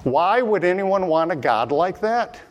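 A man giving an earnest sermon as a Bible teacher, repeating points and often pausing on "uh". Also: high-pitched, big pitch swings. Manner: earnest, repetitive, many "uh" fillers.

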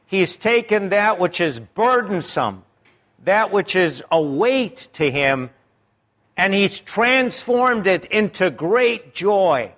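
A male preacher delivering a sermon at an unhurried, drawn-out pace. His voice sits somewhat high for a man and swings dramatically up and down for emphasis, leaning hard on key words. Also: very animated, fairly bright tone. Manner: emphatic, deliberate, with dramatic rises and drops in pitch.

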